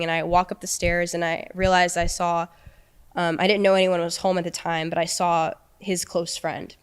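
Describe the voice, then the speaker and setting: A young woman telling a personal story as a podcast guest, halting with frequent restarts and fillers. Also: fairly low pitch, clear, resonant tone.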